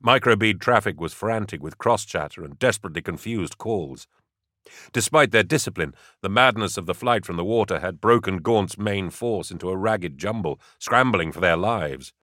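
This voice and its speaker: A man narrating an audiobook in a steady, dramatic way. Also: sits low, normal speed, no room sound, studio quality.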